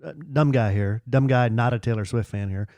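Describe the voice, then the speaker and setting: A man's voice: mid-range voice, fairly quick, a little mellow, no room sound. A man co-hosting a podcast who chimes in with teasing questions and also reads an ad. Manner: teasing, short interjections. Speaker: podcast co-host. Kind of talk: casual chat.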